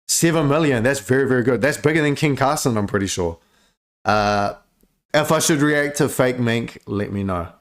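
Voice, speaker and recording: A young man talks through a music reaction in loose, slangy chatter, dropping curses and calling the viewer bro. His voice sits at an ordinary middle pitch and jumps up now and then into excited exclamations. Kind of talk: casual reaction commentary.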